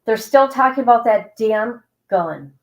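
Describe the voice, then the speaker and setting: A woman hosts a casual livestream, talking slowly as she chats about a trial. Her remarks are exasperated and sarcastic. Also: a little high, animated, rough recording. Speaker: livestream host. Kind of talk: casual chat commenting on a trial.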